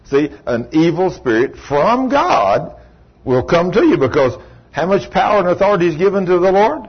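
A husky-voiced man preaching a folksy sermon, his pitch leaping and dropping as he acts out the voices in his stories. The recording is dull and lo-fi. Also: big pitch swings, moderate pace. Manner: folksy storytelling, swings from low murmurs to high cries. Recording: dull lo-fi sound.

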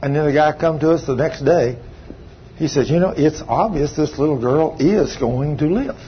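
Older preacher telling a story. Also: male voice, on the high side. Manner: storytelling with emphatic, drawn-out phrases. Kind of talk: sermon testimony. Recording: slightly dull sound, faint background hum.

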